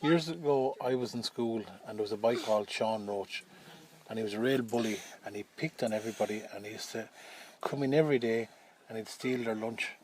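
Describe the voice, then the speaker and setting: A man's voice: fairly low pitch, fairly quick, darkish tone. An Irish man telling a rambling, chatty story to his family, often checking in with his listeners.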